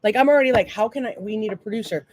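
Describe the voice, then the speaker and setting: A woman's voice: a little high, rapid-fire, darkish tone, no room sound, clean studio sound. A woman with a Boston accent co-hosting a podcast, chatting casually and reading listener comments with lots of swearing. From Massachusetts. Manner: profane, rambling, reads listener comments aloud. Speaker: podcast co-host. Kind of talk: casual chat.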